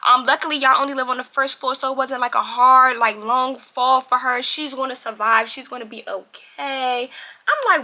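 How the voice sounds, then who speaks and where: A young woman telling a casual storytime to camera, animated and constantly addressing viewers as y'all. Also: sits high, moderate pace. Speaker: vlogger.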